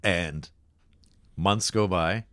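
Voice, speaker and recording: A Canadian man, a comedian guest, telling lively anecdotes in casual podcast chat and acting out other people's lines. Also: sits low, drawn-out words, no echo.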